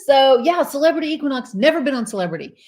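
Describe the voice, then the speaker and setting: A woman's voice: high-pitched, animated, quick pace, darkish tone. A middle-aged woman, co-hosting a cruise vlog live stream. She chats casually, laughs often and reads viewer comments aloud. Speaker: cruise vlogger co-host.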